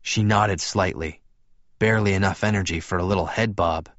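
A man narrating an audiobook in a steady first-person storytelling voice. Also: low-pitched, normal speed, no echo. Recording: dull, dry lo-fi recording.

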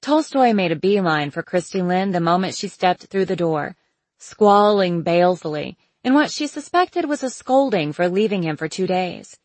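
A woman narrating a novel as an audiobook, in a measured, even storytelling manner. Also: on the low side, no echo, low-quality recording. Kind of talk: scripted narration.

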